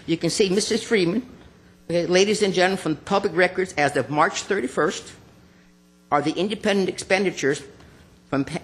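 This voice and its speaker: A man's voice: sits high, a bit bright. A man giving public comment at a city council meeting, accusatory and confrontational, calling out officials by name from a podium microphone.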